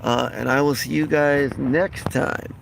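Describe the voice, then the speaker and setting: A man's voice: medium pitch, fairly even intonation, measured pace, vocal fry, slight background noise, poor audio. A man chatting casually on a live stream, rambling and reading out viewer comments as he signs off. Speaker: vlogger wrapping up a live stream.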